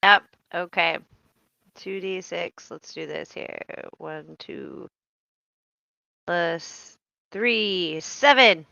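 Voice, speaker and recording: Bright, unhurried woman player, cheery. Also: lowish voice, gravelly, no room sound, dull audio. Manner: cheery and encouraging. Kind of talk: casual tabletop game play.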